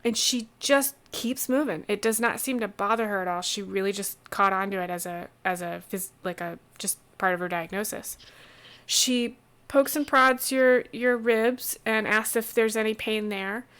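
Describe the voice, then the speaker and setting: A woman narrates a tabletop role-playing game as its game master. She talks in an easygoing, stop-start way, often restarting her sentences. Her voice sits at a middling pitch for a woman. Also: smooth. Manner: relaxed, halting narration with many restarts.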